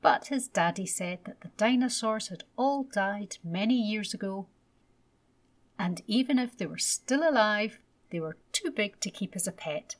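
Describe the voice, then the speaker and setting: A woman gently and expressively reading a children's bedtime story aloud. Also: medium pitch, lively intonation, unhurried.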